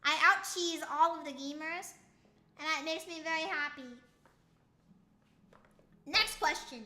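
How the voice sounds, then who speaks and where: A woman's voice: sits high, unhurried, bright, forceful tone, a little hiss or hum. A young woman streaming casually, rambling playfully and stumbling over tongue twisters, with a slight lisp on her S sounds. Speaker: VTuber streamer. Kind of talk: casual live-stream chat reading chat.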